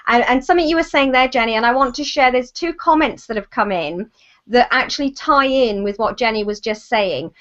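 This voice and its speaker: A woman with a British accent hosting a video call, reading out viewer comments quickly with restarts and fillers. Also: a little high, a bit bright, muffled recording. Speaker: host.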